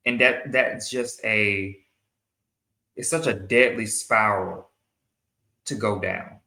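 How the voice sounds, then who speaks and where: Male host, earnest commentary monologue; talks slowly and repeats himself, bright edge to the voice. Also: lowish voice, gravelly, reverberant. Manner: earnest, repeats and restarts phrases. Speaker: show host.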